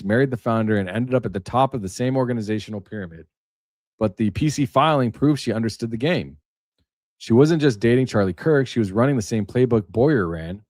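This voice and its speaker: A man's voice: fairly low pitch, darkish tone, no echo, studio quality. A man hosting a casual livestream, rambling and emphatic, reading aloud and then riffing on it. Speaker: livestream host. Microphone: webcam setup.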